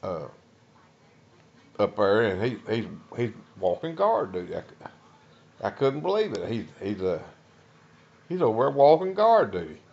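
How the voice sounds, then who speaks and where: An older man from Texas with a Texan accent, a veteran telling a personal war story in a folksy, halting way, full of uh's and restarts. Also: fairly low pitch, very animated, gravelly, a little mellow, highs cut off. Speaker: Vietnam veteran.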